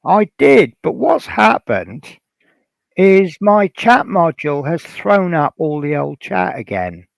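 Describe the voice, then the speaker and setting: A man's voice: on the high side, sing-song, takes it slowly, vocal fry, no room sound. A man from Norfolk hosting a casual hobby livestream, rambling and reading out chat messages with lots of fillers. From Norfolk, England. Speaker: livestream host.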